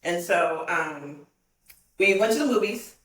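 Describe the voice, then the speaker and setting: Podcast guest, woman, animated storyteller, roomy distant sound. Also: fairly low pitch, measured pace. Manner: animated, laughs often while telling stories. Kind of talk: casual storytelling.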